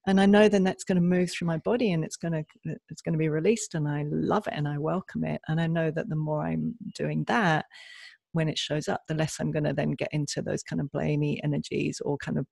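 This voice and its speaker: Woman co-host, earnest reflective chat, gravelly tone, dry close sound. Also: low-pitched, fairly even intonation, fairly quick, a little mellow, dry recording. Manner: earnest, reflective, frequent restarts. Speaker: podcast co-host. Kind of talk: casual conversational chat.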